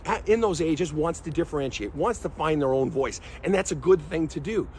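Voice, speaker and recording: A man's voice: sits high, slight background noise. A middle-aged man, a therapist, giving blunt, emphatic commentary straight to camera, driving his points home with repeated questions.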